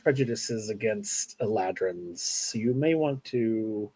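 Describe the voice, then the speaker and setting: A man voicing a cautious, apologetic mother in a tabletop game, speaking softly and politely. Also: lowish voice, lively intonation, slow, slightly rough, no room sound, voice pushed down, exaggerated voice. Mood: earnest warning. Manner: soft-spoken, polite, warning. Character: cautious, apologetic mother, middle-aged woman.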